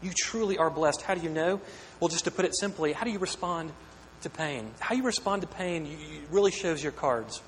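A man's voice: fairly high pitch, lively intonation, brisk, few pauses. A pastor preaching a sermon, earnest and questioning, often repeating words as he builds a point. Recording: echoey hall with long reverb, faint hum.

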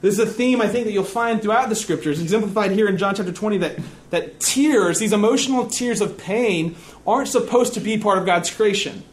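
Speaking from the pulpit, a pastor delivers a sermon with earnest, measured care and quiets to a hush in his more reflective moments. His pitch sits high.

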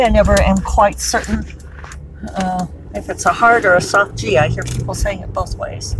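A woman's voice: mid-range voice, steady tone, moderate pace, noisy background. A middle-aged woman chatting casually while driving, wry and talkative with laughing asides. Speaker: author podcaster. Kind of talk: casual commute vlog. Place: in a car, driving.

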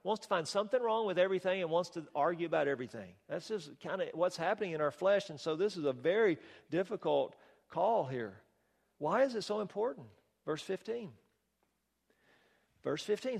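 Inside a church sanctuary, a man with a high voice delivers an animated sermon at a moderate pace. The pastor is rhetorical and emphatic, adding wry humor, and the hall's long reverb surrounds him.

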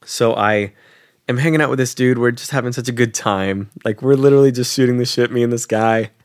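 A man's voice: fairly quick, no room sound, clean studio sound. A young man co-hosting a podcast, telling a travel story casually and acting out the people in it with sudden jumps in his voice. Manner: animated, acts out quoted people with jumps in pitch; swears casually, fillers like "like". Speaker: podcast co-host.

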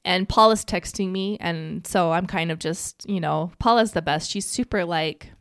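A woman's voice: lowish voice, moderate pace, fairly bright tone, no echo. Chatty middle-aged woman, dry close sound. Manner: emotional, rambling storyteller. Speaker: podcast co-host. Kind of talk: casual chat.

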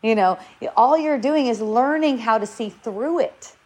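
A woman's voice: on the high side, measured pace. A middle-aged woman giving a casual spiritual talk, rambling and repeating her words as she goes. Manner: rambling, repeats words, acts out shouts and quotes.

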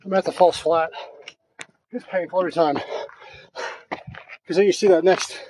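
A man's voice: high-pitched, steady tone, moderate pace, a little mellow. A man hosting a hiking vlog while out of breath, talking candidly and reflectively as he climbs outdoors, with casual swearing. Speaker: host. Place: outdoors on a steep stair trail.

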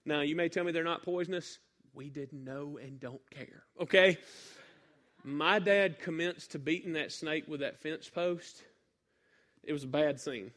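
A man from northeast Mississippi with a Southern accent, preaching a sermon and telling a folksy story with sudden loud bursts. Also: on the high side, a little slow.

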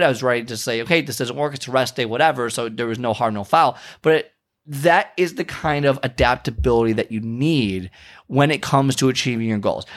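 A middle-aged man talking casually in a motivational vlog, rambling with restarts. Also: mid-range voice. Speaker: vlogger and speaker.

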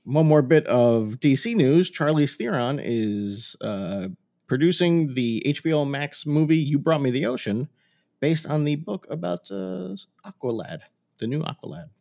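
A man's voice: on the high side, expressive, creaky, dark tone. A middle-aged man co-hosting a podcast, chatting and laughing through his stories. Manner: chatty, quick asides, laughs while telling stories. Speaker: podcast co-host. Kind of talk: casual chat.

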